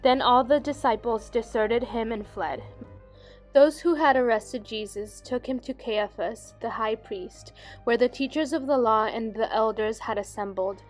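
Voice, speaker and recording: A woman giving a steady, solemn scripture reading. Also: fairly high pitch. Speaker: scripture reader.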